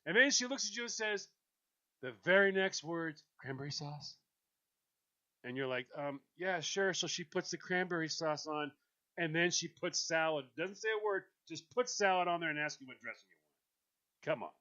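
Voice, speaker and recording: Radio host guy telling a story all animated, bright voice, kinda dull lo-fi sound. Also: fairly high pitch, brisk. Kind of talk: casual chat on a call-in show.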